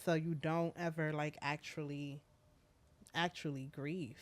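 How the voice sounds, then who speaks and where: A woman in her thirties, a school principal, talking in a soft, halting way with many fillers during an emotional interview conversation. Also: sits low, steady tone.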